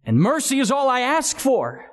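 A pleading mother who asks for mercy in an earnest, imploring tone, voiced by a man retelling a story in a sermon. The voice sits high and stays close to the preacher's own. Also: wildly swooping pitch, normal speed, full character voice.

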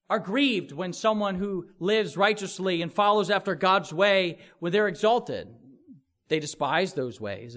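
High-voiced man preaching earnestly. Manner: earnest, expressive preaching with vivid sound words. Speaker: pastor. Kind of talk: sermon.

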